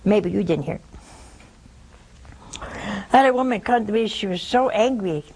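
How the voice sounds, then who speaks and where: A woman delivers a broadcast sermon in an unhurried, slightly breathy voice. Her pitch rises and falls widely as she tells folksy, teasing stories to her listeners. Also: a little mellow, poor audio. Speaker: preacher.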